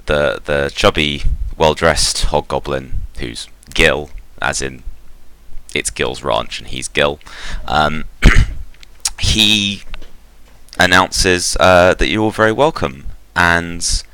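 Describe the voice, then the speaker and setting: A man's voice: rumbling low, slow, pushed and bright, clean tone. A man narrating a tabletop game as game master, rambling with many fillers.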